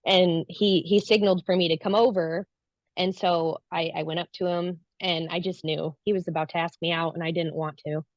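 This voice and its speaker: Her pitch is fairly low and her tone steady as this guest, at a normal speed, describes a spiritual experience in an earnest, casual way, voicing her own past lines. Expect a dull, lo-fi, dry recording without echo.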